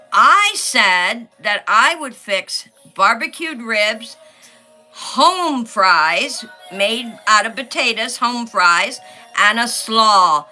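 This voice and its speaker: A woman's voice: mid-range voice, sharp tone. A middle-aged woman, hosting a casual livestream and reading viewer comments aloud as she chats. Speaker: livestream host. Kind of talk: casual livestream chat while coloring.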